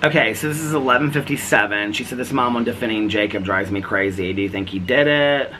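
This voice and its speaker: A man's voice: lowish voice, quick pace, bright, forceful tone, slight background noise. A middle-aged man chatting casually in a daily vlog from his front porch, retelling his day with quoted back-and-forth dialogue. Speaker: vlogger.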